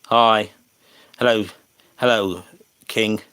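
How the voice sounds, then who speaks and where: A man with an English accent talks to his livestream chat in a slow, unhurried way, pausing and restarting often. His voice sits fairly low and sounds dry and close, with little room around it. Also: fairly even intonation, sharp tone, clear, resonant tone, no echo. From England. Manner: hesitant, many fillers and restarts, chats to viewers.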